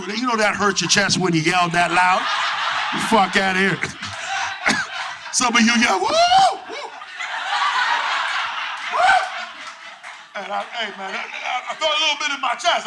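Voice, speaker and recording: A young man performing a stand-up comedy set, loud and profane, working the crowd with lively back-and-forth. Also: high voice, a little fast. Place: comedy club stage with live audience. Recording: noisy live club recording.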